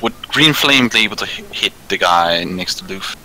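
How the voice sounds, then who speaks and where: Low voiced guy player, kinda sharp tone, lots of ums. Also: lively intonation, moderate pace, low-quality recording. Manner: hesitant, asks rules questions. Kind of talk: casual tabletop play.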